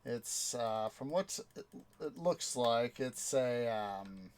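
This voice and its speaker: A man's voice: mid-range voice, animated, slow, clear, resonant tone. A young man hosting a gaming channel, chatting casually while he plays, rambling and hesitant with lots of fillers. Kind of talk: casual gameplay commentary.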